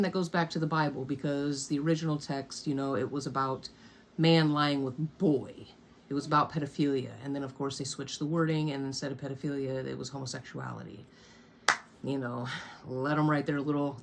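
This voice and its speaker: Low-voiced woman in her thirties, candid storytime. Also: slight background noise. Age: 30s. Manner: candid and blunt, swearing freely, with wry asides. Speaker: storyteller vlogger. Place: bedroom at home.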